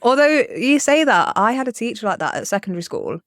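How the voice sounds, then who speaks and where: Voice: medium pitch, a little fast, no echo. Sweary podcast co-host, dry sound. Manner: sweary, animated storytelling with acted-out quotes. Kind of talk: casual chat.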